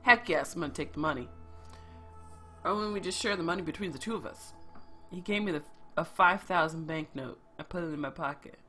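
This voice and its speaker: Bright-voiced streamer reading game text. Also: mid-range voice, fairly quick, soft background music. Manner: reads narration aloud with asides.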